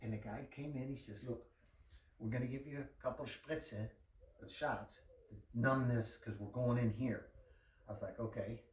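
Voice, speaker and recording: A man's voice: mid-range voice, normal speed, far from the mic. Profane man telling a roomy anecdote. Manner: profane, animated storytelling with quoted dialogue. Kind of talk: casual anecdote told to a friend.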